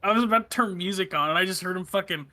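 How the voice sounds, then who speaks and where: Man, game player, bright voice, slightly high, swears, laughs a lot, casual chat. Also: racing, dry recording.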